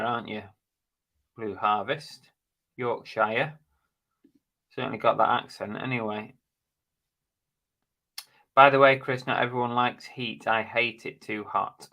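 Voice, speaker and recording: Man, live stream host, casual, blunt, jokey, bright voice, mid pitch. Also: fairly even intonation, a little slow, vocal fry, pauses often. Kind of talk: casual live stream chat reading viewer comments.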